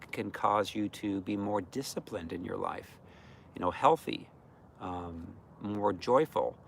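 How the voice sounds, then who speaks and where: A man's voice: deep voice, vocal fry, slight background noise. A man giving an informal, earnest teaching talk on healing, speaking conversationally with many fillers. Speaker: deliverance minister.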